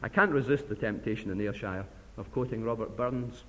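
A man preaching a sermon to a church assembly, passionate, swinging between loud emphasis and hushed asides. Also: lowish voice, brisk. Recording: long hall reverb.

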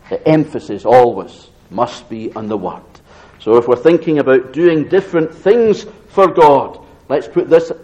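Emphatic preacher with a raised pitch. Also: male voice, darkish tone, rough recording. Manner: emphatic, slows down to stress key phrases; reads scripture aloud in raised tone. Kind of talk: expository sermon.

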